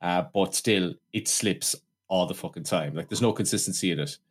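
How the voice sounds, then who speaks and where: A man's voice: sits low, moderate pace. A man co-hosting a casual film review podcast, sweary and riffing, slipping into voices to mock what he saw. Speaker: podcast co-host.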